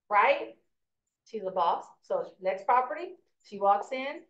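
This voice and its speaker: A middle-aged woman teaching a live real estate class, telling stories with lively energy and often checking in with "right?". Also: mid-range voice, takes it slowly. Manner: animated storyteller, asks "right?" often. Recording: echoey lo-fi room recording.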